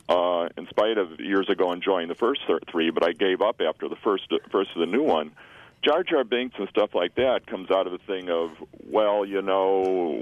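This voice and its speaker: Older guy calling a radio show, real low voice, rambles and restarts a lot, muffled dry sound. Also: no echo. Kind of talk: call-in radio comment.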